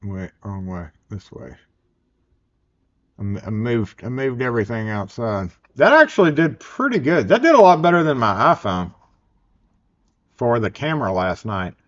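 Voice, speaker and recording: A man's voice: medium pitch, big pitch swings, normal speed. A man with a Southern US accent hosting a casual live stream, rambling and joking as he chats. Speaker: livestream host. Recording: dull lo-fi sound.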